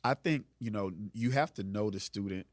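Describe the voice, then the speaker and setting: A man who is a guest on a podcast and a father of two, talking in a measured, casual way full of "you know"s. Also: lowish voice, dry recording, studio quality. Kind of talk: casual discussion.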